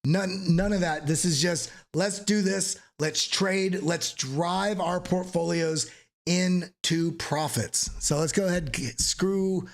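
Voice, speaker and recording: A man hosting a live crypto trading stream, joking and energetic as he walks through charts, swearing casually now and then. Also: sits high, takes it slowly, creaky. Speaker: crypto trading channel host.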